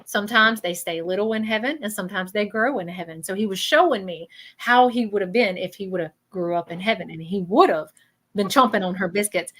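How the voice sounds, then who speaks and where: Casting: woman, psychic medium hosting a live reading, chatty, bright tone. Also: medium pitch, a little fast, low-quality recording. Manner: chatty, keeps checking in with 'okay?'.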